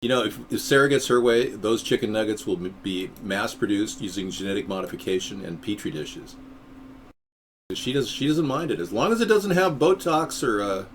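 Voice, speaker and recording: A man's voice: on the low side, animated, moderate pace, a little hiss or hum. A man who is a third-party presidential candidate, hosting a live stream in rambling, easygoing chat.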